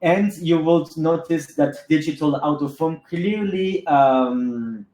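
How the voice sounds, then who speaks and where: A man's voice: on the high side, takes it slowly, a little mellow. A man with a French accent, a native French speaker, answering audience questions in a live webinar, hesitant and full of fillers. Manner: hesitant, many fillers and restarts. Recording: echoey room.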